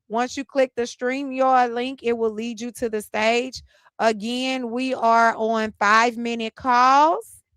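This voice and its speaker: Smooth-voiced woman hosting a call-in stream. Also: fairly high pitch, no room sound, clean studio sound. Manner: upbeat, inviting, repeats instructions. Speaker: livestream host. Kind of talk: live call-in show hosting.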